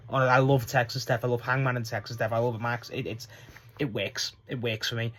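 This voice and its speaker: A man's voice: mid-range voice, level tone, fairly quick, a bit bright. A man giving a casual spoken review of a wrestling show, rambling with lots of fillers and swearing. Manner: rambling, profane, frequent restarts and fillers.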